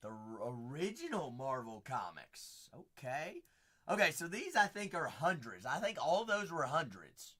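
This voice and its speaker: Brief: male card-break host, lively pitch, bright edge, unhurried delivery, excitable. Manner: excitable, exclaiming, chatty asides. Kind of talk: live-stream card breaking.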